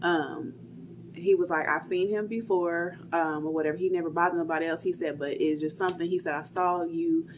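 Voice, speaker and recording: A woman's voice: fairly low pitch, steady tone, fairly quick, background noise. A young woman casually telling a personal story, chatty and full of fillers, acting out what people said. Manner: chatty, retells dialogue, many "like" fillers.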